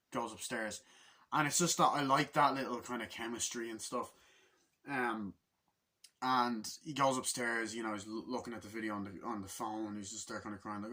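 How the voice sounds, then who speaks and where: A man's voice: mid-range voice, steady tone, normal speed, bright, forceful tone. A man giving a casual, rambling movie review, swearing constantly and acting out scenes in quoted voices.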